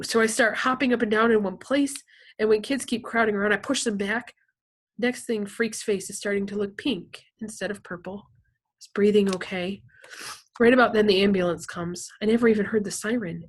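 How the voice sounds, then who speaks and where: Casting: a woman narrator, expressive storybook reading, mid pitch. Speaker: reader. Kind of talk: reading a novel aloud.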